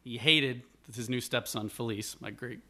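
A man from Buffalo, New York, tells a long family story as a guest in easy, rambling chat. His voice sits at an everyday middle pitch, and he keeps the tale moving by acting out what people said. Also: normal speed. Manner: lively, rambling storyteller with acted-out quotes. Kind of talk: casual storytelling.

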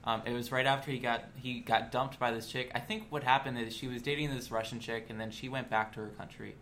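A man with a bright, forceful voice rambles through a story. He hesitates often and fills gaps with ums in casual chat. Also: medium pitch, fairly even intonation, a little fast, a little hiss or hum.

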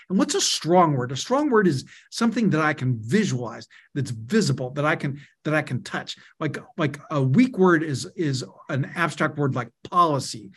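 Energetic middle-aged male guest on a video call, a bit high-voiced, punchy and emphatic. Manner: energetic, emphatic, repeats key words in lists. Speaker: guest, media co-founder and author. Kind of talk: webinar interview, explaining and telling anecdotes.

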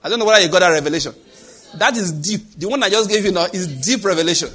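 A man preaching a sermon, animated and dramatic, acting out voices and sound effects. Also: high-pitched, fast, breathy edge.

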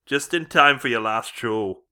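A podcast host putting on a fake British accent as a teasing, boisterous bloke. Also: male voice, mid-range voice, pushed and bright, clear, resonant tone. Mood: mock-grumpy. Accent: put-on British accent. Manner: teasing, blustery, rapid asides. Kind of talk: comic put-on accent bit.

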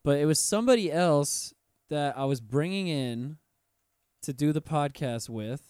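A man's voice: on the high side, animated, unhurried, darkish tone, smooth, no room sound, clean studio sound. A man hosting a podcast in casual, slangy chat, laid-back and profane as he hypes up artists. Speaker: podcast host.

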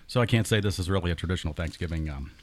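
Casting: very deep male voice, halting explanations, faint background hiss. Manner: hesitant, many um and uh fillers. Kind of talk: casual chat.

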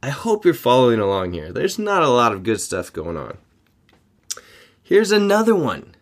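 A man hosting a fitness podcast, talking informally with joking asides and quick self-corrections. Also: on the low side, wildly swooping pitch, a bit bright. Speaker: podcast host. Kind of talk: casual fitness podcast monologue.

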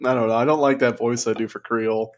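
A man's voice: medium pitch, steady tone, fast. A man from Louisiana co-hosting a podcast, riffing playfully in a mock-dramatic way during a casual chat. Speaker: podcast co-host.

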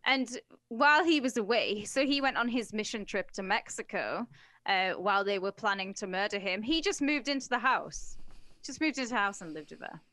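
A woman's voice: mid-range voice, moderate pace, bright, forceful tone, no echo. A woman co-hosting a casual podcast chat, recounting a story with blunt, wry, crude humor. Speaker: podcast co-host recounting a case.

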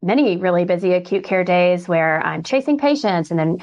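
A woman speech-language pathologist in a casual conversation, talking in an animated way and acting out what she and others say. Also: fairly low pitch, a little fast. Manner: animated, acts out quoted speech. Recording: dull lo-fi sound.

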